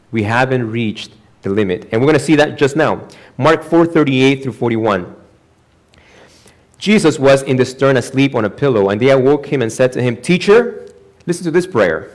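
A man who is the pastor, preaching a sermon in a church with lively acted-out quotes and sudden jumps in pitch and volume. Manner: animated preaching, acts out quoted voices with big pitch jumps.

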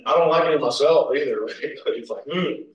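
A man's voice: mid-range voice, normal speed, dull audio. A man preaching a sermon, telling stories with laughs and acted-out quotes. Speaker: pastor. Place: church sanctuary. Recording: roomy echo, from a distance.

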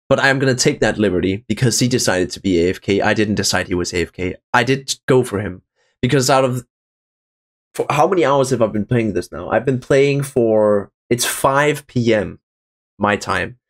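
A young man commenting on his own gameplay, excited and swearing, calling his viewers boys and guys. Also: on the low side, normal speed. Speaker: gaming channel host. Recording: faint music in the background.

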